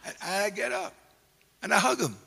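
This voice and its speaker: Gravelly, animated preacher man. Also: high voice. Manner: animated, self-mocking storytelling. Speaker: pastor. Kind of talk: storytelling sermon. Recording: long hall reverb.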